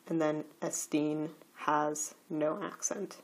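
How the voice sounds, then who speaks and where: A woman walks through grammar rules in a recorded slide lecture. She talks slowly and carefully, with a slightly husky, breathy voice. Her pitch sits a little low. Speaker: teacher.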